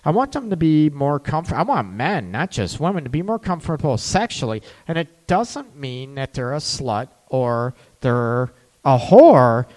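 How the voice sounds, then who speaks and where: Male relationship coach, lively and candid, slightly higher voice, long reverb. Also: measured pace. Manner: candid, joking, laughs often. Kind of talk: live-streamed advice talk.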